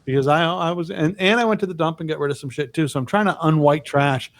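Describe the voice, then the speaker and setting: A man's voice: fairly high pitch, quick pace, no echo. A middle-aged man co-hosting a podcast, telling rambling, profane stories in casual chat. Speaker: podcast co-host.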